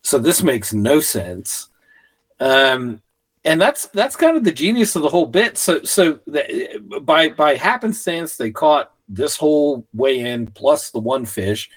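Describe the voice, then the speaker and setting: A man in casual podcast chat, talking animatedly and swearing often, acting out quotes with sudden shouts. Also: a little high, big pitch swings, slow pace, husky.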